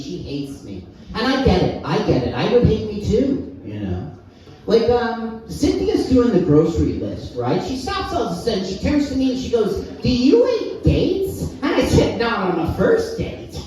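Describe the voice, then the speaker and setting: A woman performing stand-up as a crude, henpecked middle-aged husband who complains about his wife, delivering deadpan punchlines and chuckling at her own jokes. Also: mid-range voice, moderate pace. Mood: grumbling. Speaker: stand-up comic. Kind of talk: stand-up comedy set. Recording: echoey room from far off, music behind.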